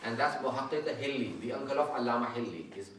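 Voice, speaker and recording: A man's voice: mid-range voice, fairly bright tone. A man giving a religious lecture to an audience, explaining step by step and often checking whether listeners follow. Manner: says he usually speaks very fast. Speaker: Islamic scholar giving a lecture. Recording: echoey hall, mic far off.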